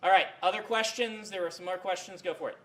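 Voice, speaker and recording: Guy lecturing a writing class, slightly high voice, lots of ums and restarts. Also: fairly even intonation, quick pace, fairly bright tone. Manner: rambling, many fillers and self-corrections. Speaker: university creative writing lecturer. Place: university lecture room.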